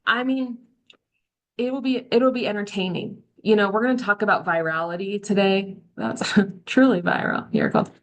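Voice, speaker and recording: A woman's voice: medium pitch, normal speed. Woman, middle-aged, social media coach on a video call; candid, chatty storyteller who acts out quotes. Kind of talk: live online training talk.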